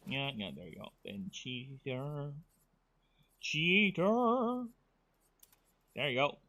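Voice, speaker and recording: A man's voice: medium pitch, wildly swooping pitch, slow pace, bright, forceful tone. A man from the Philippines, streaming a game, teasing his viewers and muttering through his choices. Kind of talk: casual game stream chat.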